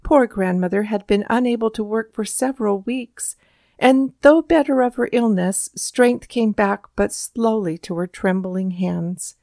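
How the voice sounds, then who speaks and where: A woman narrating a storybook in a calm, measured and gentle way. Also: medium pitch, vocal fry, no room sound, studio quality. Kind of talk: storybook reading.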